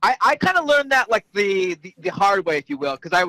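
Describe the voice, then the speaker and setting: A man hosting a podcast who talks in a halting way, searching for his words in casual chat. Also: sits high, big pitch swings, sharp tone, no room sound, low-quality recording.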